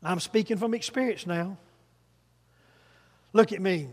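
A male preacher with a high voice, delivering a sermon in an emphatic, call-and-repeat style. His voice rings out with a long reverb, the sound of a church hall. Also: a little slow, darkish tone. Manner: emphatic, has congregation repeat phrases.

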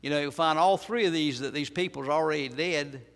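Gravelly male preacher in an echoing church. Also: a little high, fairly quick, fairly bright tone. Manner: repetitive, emphatic preaching with rhetorical questions. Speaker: pastor. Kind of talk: sermon.

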